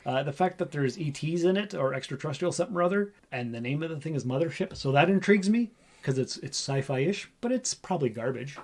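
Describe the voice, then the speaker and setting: A man hosting a relaxed podcast, his voice sitting a bit higher than most men's. He reads out news items, then chats and riffs on each one. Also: quick pace. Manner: chatty, reads headlines then riffs on them. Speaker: podcast host. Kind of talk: casual chat reading news.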